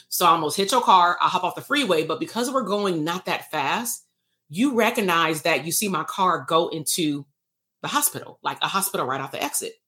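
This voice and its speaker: Animated woman teaching a live workshop. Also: on the low side. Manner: animated storyteller who acts out dialogue; casual and salty, with frequent laughs. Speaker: bootcamp host and therapist coach.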